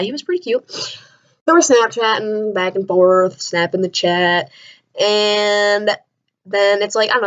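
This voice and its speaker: Young woman vlogger, animated storyteller who shrieks in disbelief, mid-pitched, muffled lo-fi audio. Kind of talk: casual storytelling to camera. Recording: dull lo-fi sound.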